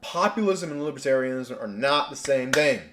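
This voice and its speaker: Man ranting casually, sarcastic, rambling, mid-pitched voice. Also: lively intonation, normal speed, a bit bright. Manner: rambling, sarcastic, many restarts. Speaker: commentary channel host. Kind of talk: casual reaction rant.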